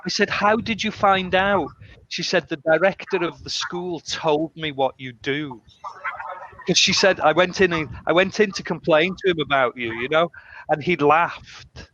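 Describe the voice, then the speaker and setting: A man who teaches English tells stories in relaxed conversation, speaking at a normal pace in a fairly high voice. He's animated and shifts his voice to act out the people he quotes. The recording is muffled and lo-fi, with faint noise.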